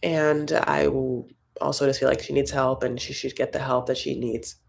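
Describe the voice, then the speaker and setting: A woman's voice: very deep voice, flat delivery, normal speed, gravelly, husky. A young woman hosting a casual live-stream chat from home, rambling through her thoughts and reading viewer comments aloud. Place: home, Los Angeles.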